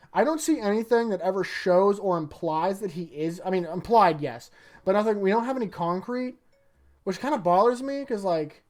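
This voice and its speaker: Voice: medium pitch, darkish tone. Rambling, chatty manga reviewer. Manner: rambling, chatty, often laughing. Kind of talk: casual manga chapter review.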